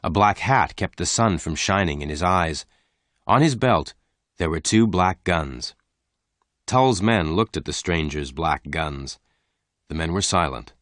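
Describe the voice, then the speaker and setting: Male narrator, very low voice, dry close mic, slow clear reading. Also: expressive, fairly bright tone, dry recording. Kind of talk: scripted story narration.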